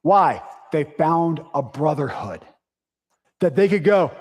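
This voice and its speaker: A man preaching in a church, his voice a little high for a man and ringing with the long reverb of a big hall. He talks in a punchy, conversational way, with quick asides and dry sarcasm. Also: lively intonation, husky. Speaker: pastor. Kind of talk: sermon. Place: church sanctuary.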